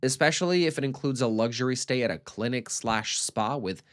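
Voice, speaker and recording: Brief: male recap commentator, mid-pitched, snarky and mocking, with flat deadpan asides and sudden loud bursts. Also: a little fast.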